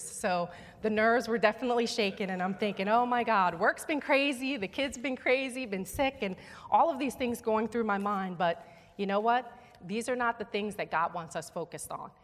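A guest preacher, a woman, delivers an earnest and emphatic sermon in a church sanctuary, encouraging listeners to echo her words back. Her mid-range, slightly bright voice carries a long reverb off the walls.

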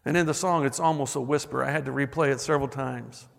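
A man's voice: mid-range voice, steady tone, fast talker, vocal fry, big-room sound. A man preaching a sermon in a church, reading song lyrics aloud and building emphasis as he goes. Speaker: pastor.

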